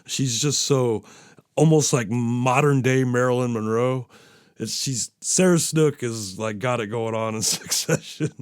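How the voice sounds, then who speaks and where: A man's voice: medium pitch, measured pace, clear, resonant tone, no room sound, clean studio sound. A man hosting a podcast, talking in a casual, rambling way with plenty of fillers and self-deprecating asides. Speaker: podcast host. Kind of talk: casual solo podcast chat.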